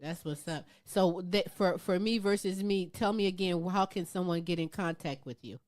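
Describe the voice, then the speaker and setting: A woman's voice: on the low side, moderate pace, a little mellow. Chatty woman hosting an interview. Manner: encouraging, chatty, laughs often. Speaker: talk show host. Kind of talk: casual interview.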